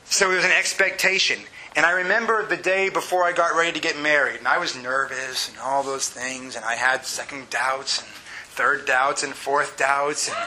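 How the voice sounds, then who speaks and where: A man's voice: medium pitch, fairly even intonation, moderate pace, sharp tone, a little hiss or hum, poor audio. A middle-aged man preaching a sermon, earnest and personal, building to fervent emphasis. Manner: personal storytelling with laughs. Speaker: pastor.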